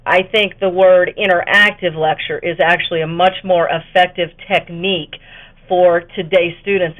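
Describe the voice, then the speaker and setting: Tinny-sounding woman giving a webinar lecture. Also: fairly low pitch. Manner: conversational, with fillers and self-corrections. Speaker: educator presenting a webinar. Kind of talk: instructional webinar presentation. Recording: tinny phone-like webinar audio.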